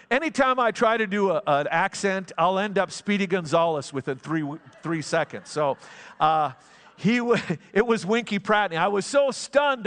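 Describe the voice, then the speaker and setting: Middle-aged preacher guy, kinda high voice, chatty sermon full of restarts, big echoey church. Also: a bit bright. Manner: conversational storytelling preacher, frequent restarts. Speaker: pastor. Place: church sanctuary. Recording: long hall reverb.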